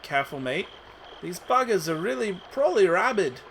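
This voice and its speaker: A man's voice: high-pitched, very animated, normal speed, gravelly, fairly bright tone, a little hiss or hum, pitched above the performer's own voice, exaggerated voice. A man voicing a brash, tough young female thief with a put-on British accent, exaggerated and self-mocking. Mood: scrappy. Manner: over-the-top, self-mocking performance.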